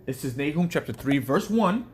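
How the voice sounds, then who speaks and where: A man's voice: a little high, fairly quick, a little hiss or hum. A man talking casually and reading scripture verses aloud with rising emphasis. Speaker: scripture reader.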